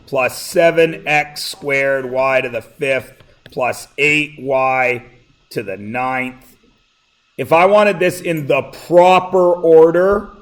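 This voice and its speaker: A male math teacher lectures in a classroom at an unhurried, drawn-out pace, his voice pitched in an ordinary middle range. He keeps a relaxed, joking tone and keeps pausing to ask whether everyone is following. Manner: relaxed, jokey, checks in with students often. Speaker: high school math teacher. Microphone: plugged-in classroom mic.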